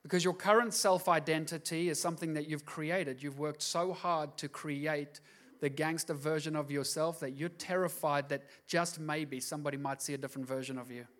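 A high-voiced man delivers a sermon from the pulpit. He talks plainly and personally, then climbs into loud, emphatic bursts. He sounds middle-aged and earnest. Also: steady tone, normal speed. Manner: passionate, rising to emphatic outbursts. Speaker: pastor.

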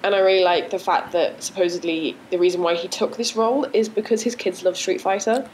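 A woman's voice: fairly low pitch, fairly even intonation, a little fast, darkish tone, a little hiss or hum. Blunt chatty woman on a podcast. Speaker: podcast co-host. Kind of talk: casual podcast chat.

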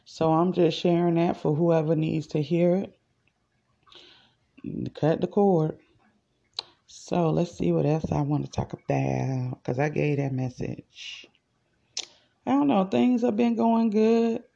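A woman's voice: low voice, a little slow, vocal fry, dark tone, muffled recording. A woman hosting a podcast, rambling in a chatty, casual way as she speaks straight to her listeners. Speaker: podcast host. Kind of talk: casual spiritual monologue.

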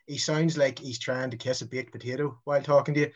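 A man's voice: medium pitch, steady tone, fast, muffled recording. A man in his thirties trading boastful, mocking trash talk on a podcast. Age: 30s. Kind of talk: casual chat.

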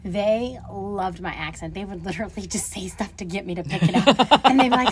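A middle-aged woman co-hosting a casual podcast, telling animated stories and acting out her own quoted lines. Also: medium pitch, a little fast, hardly any pauses, a little hiss or hum. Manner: animated storyteller acting out quotes, laughing often. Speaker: podcast co-host. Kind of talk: casual chat.

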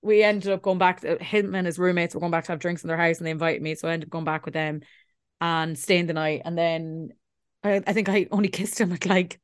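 An Irish woman in her thirties co-hosts a podcast, chatting and telling stories, swearing freely and acting out what people said. Her lowish voice is brisk, clear and resonant with fairly even intonation. The sound is studio quality with no room echo.

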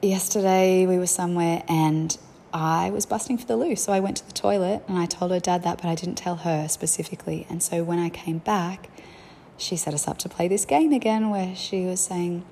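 A woman's voice: on the low side, normal speed, creaky, warm tone, slight background noise. A young woman, a mother, telling candid, reflective stories about family life in a chatty way. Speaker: parent sharing family life. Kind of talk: casual storytelling.

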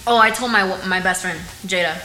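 A young woman guest in a casual podcast chat, an animated storyteller who laughs often and slips into Spanish. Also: medium pitch, brisk, roomy sound, background noise.

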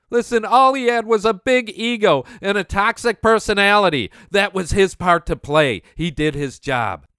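A man's voice: sits high, sing-song, normal speed, hardly any pauses, bright, forceful tone, smooth, no echo, clean studio sound. A man hosting a show, ranting in scornful political commentary with a sneering, mocking manner. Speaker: podcast host.

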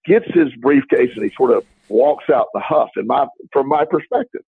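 Gravelly-voiced man telling a story. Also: mid-range voice, a little fast, dry recording. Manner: rambling, restarts, animated retelling of quoted dialogue. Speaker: podcast co-host. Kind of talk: casual storytelling chat. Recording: dry, tinny phone-like line.

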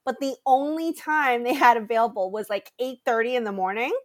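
A young woman co-hosting a casual chat podcast, telling animated stories and acting out quotes with frequent laughter. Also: on the high side, fairly quick. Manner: animated storyteller, acts out quotes, laughs often. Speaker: podcast co-host.

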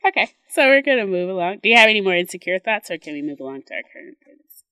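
A lively woman co-hosting a casual podcast. Her lower voice swings widely and has a bright edge, and she often acts out her own reactions. The room sound is dry. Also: quick pace, no echo. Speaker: podcast co-host. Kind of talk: casual chat.

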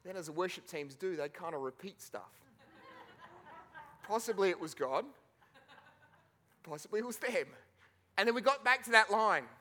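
A man's voice: high-pitched, lively intonation, moderate pace, long pauses, bright, forceful tone. A man preaching a sermon as pastor, telling a personal story with emotion, tearful and laughing at moments.

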